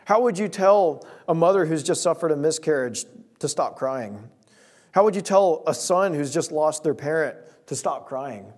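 A man's voice: a little high, darkish tone. A young man preaching a sermon, earnest, reading scripture and telling a personal story.

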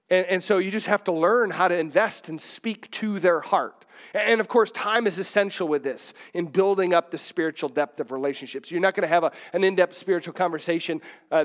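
Middle-aged pastor guy preaching, chatty and rambly, kinda high voice. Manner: conversational, digressive preaching with restarts. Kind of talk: sermon.

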